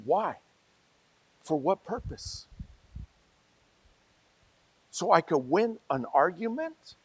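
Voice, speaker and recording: Male pastor, sermon, slow unhurried delivery, dry close sound; drifts from quiet asides to loud emphatic peaks. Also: high-pitched, sing-song, slightly rough, dry recording. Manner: conversational preaching, swinging from soft asides to loud emphatic peaks.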